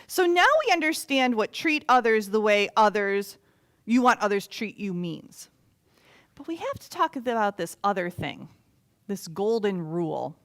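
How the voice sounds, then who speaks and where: Animated woman teaching a kids' lesson. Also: medium pitch, measured pace. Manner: animated storytelling, dipping to loud whispers. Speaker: children's ministry teacher. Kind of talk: children's Bible lesson.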